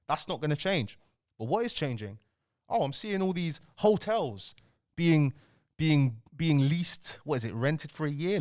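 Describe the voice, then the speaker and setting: Ranting young man, slightly high. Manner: animated, ranting, fills lines with "bro" and "bruv". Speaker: commentary channel host. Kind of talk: casual political rant to camera.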